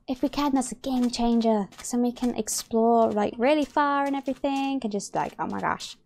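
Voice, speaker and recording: A young woman commenting on her own game play, excitable and gasping, rambling as she plays. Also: fairly high pitch, normal speed, creaky, a little hiss or hum. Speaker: gaming YouTuber.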